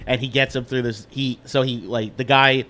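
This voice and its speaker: Casting note: man, podcast guest, mid-pitched voice, rambling and casual plot summary. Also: fairly even intonation, normal speed, sharp tone.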